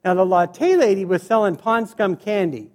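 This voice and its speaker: A man doing storytelling stand-up comedy, animated and acting out the people in his stories. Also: high voice, moderate pace. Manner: animated, acts out voices and scenes. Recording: reverberant hall.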